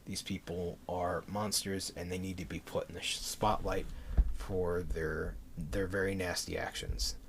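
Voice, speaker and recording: A very deep-voiced man rambles passionately to his stream, out of breath and stumbling over restarts. A faint hiss sits under his desk mic. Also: level tone, a little slow, creaky.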